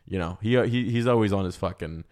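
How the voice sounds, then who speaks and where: A young man hosting a comedy podcast, talking in a loud, crude, joking way. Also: on the low side, brisk. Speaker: podcast host. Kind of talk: casual comedy podcast chat.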